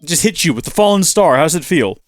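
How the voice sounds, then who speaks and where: A man narrates his gameplay in a let's play, exclaiming and talking to himself as he goes. His voice sits a little high and swings widely in pitch. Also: a little fast, slight background noise. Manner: animated, exclaims and talks to himself while playing. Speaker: gaming channel host.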